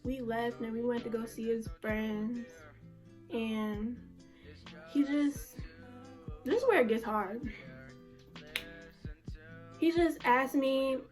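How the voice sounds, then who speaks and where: Young woman, slightly high voice, casual slangy storytime, emotional, faint music under. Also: takes it slowly, long pauses. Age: young adult. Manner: emotional, slangy, full of fillers. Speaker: vlogger.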